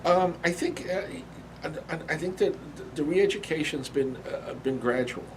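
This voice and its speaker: A man being interviewed, telling animation stories in a lively, casual way, often laughing and briefly acting out cartoon voices. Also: on the high side, moderate pace, background noise.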